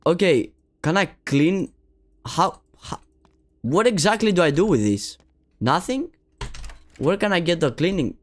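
A young man chatting over his gameplay in loose slang, quick to get worked up and tossing out "bro" constantly. His voice sits at a middle pitch but swings up and down a lot. He talks slowly and drawls his words out. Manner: slangy, excitable, keeps saying bro. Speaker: gaming streamer. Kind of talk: casual gameplay commentary.

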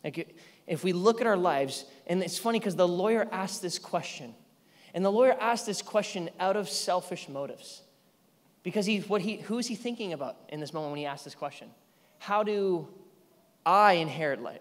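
A man in his thirties preaching a sermon as pastor, animated and self-deprecating, acting out what people say. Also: high voice, a little fast, long reverb tail. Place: church sanctuary.

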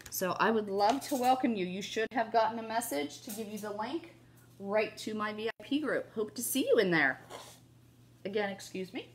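In a mid-range voice with lively intonation at normal speed, over a faint hiss or hum, a craft video host talks viewers through a project. She's gushing and chatty, full of "you guys" and "oh my gosh," addresses her audience constantly, and coughs from time to time.

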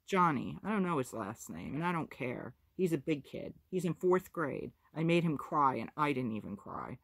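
A woman's voice: deep voice, sing-song, moderate pace, gravelly, no echo, full character voice. A woman reading aloud who voices a scrappy, defiant little boy. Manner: defiant, proud.

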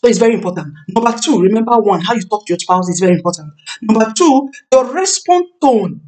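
A woman's voice: mid-range voice, darkish tone. Emphatic woman preacher, slightly distant mic. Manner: emphatic, repeats key phrases, slows to stress words. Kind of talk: sermon on marriage. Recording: voice a bit far from the mic.

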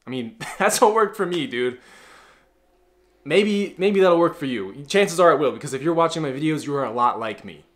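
A man's voice: on the high side, lively intonation, moderate pace, a bit bright. A man giving a casual motivational talk to the camera as a self-improvement coach, blunt and profane, calling the viewer bro.

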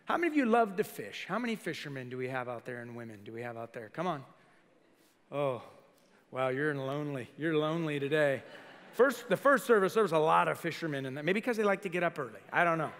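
A male senior pastor preaching a lively sermon to a congregation, acting out quoted voices and putting questions to the crowd. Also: fairly high pitch, fast. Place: church sanctuary. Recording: live sermon in a reverberant church hall.

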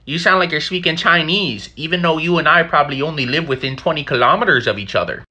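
Man, comedy sketch, slangy banter, raspy edge. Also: a little high, fast, bright, forceful tone. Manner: mock-casual banter in local slang.

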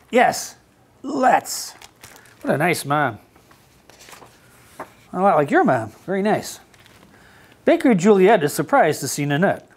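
A man reading a picture book aloud to children in a library and asking them questions as he goes. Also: on the high side. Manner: animated, asks children questions. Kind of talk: children's storytime read-aloud.

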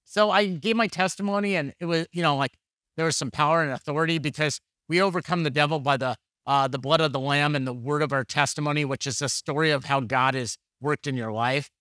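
A man's voice: a little high, brisk, pushed and bright, dry recording, studio quality. A man preaching a conversational sermon, telling candid, jokey stories and acting out the dialogue. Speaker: pastor.

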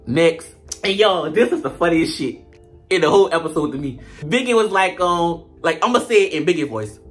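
A man doing a comedic reality-TV recap, sassy, profane and animated, full of slang. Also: a little high, a little fast, soft background music. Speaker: show reviewer.

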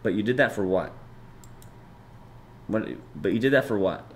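A man's voice: on the low side, lively intonation, normal speed, slight background noise. A young man in his twenties chatting casually and profanely with his stream viewers, bantering loosely and reading chat aloud.

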